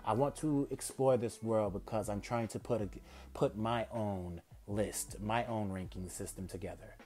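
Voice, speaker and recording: Man reading a calm eight-year-old demon boy: quiet, measured, confident. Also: natural voice. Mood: cool. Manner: calm, low, measured delivery.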